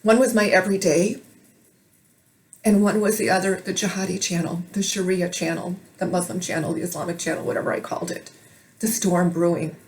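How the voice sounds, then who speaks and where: A woman's voice: fairly low pitch, steady tone, fairly quick, darkish tone, slight background noise. A woman from Minnesota delivering an emotional, urgent monologue to camera for her video blog. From Minnesota, United States. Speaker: video blogger.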